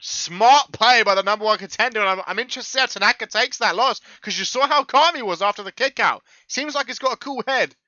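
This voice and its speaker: Excitable, high-voiced male wrestling commentator. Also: a little fast, few pauses, dry recording, lo-fi sound. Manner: excitable, jokey, bursts into shouted ring introductions. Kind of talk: live play-by-play commentary.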